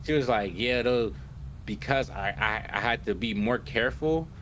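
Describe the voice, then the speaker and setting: A man's voice: medium pitch, normal speed, noisy background. A young man casually recapping an anime episode on a podcast, acting out the characters' lines and checking in with "right?" all the time. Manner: animated retelling, acts out characters' lines with "yo" and "right?". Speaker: podcast co-host.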